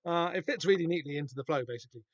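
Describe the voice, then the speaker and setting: A man's voice: a little high, racing, no echo, dull audio. A man hosting a podcast, giving casual, rambling and wry comic book commentary that keeps interrupting itself. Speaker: podcast host.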